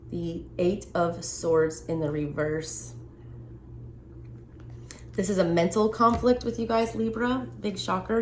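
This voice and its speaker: A casual, excitable woman talks through a tarot deck, reacting freely and swearing now and then. Her voice sits a little low. The room is echoey with a faint hiss behind her. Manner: chatty, excitable, swears casually, frequent laughs. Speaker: tarot reader. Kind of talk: casual unboxing and tarot reading.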